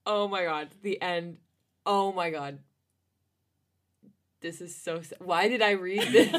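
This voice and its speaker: A woman's voice: mid-range voice, takes it slowly. A young woman co-hosting a podcast, reading fan fiction aloud and often giggling at it. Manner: breaks into giggles while reading. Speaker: podcast co-host.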